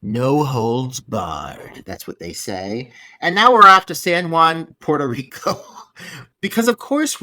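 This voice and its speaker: Animated, exasperated male podcast co-host. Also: medium pitch, no room sound. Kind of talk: casual movie review chat.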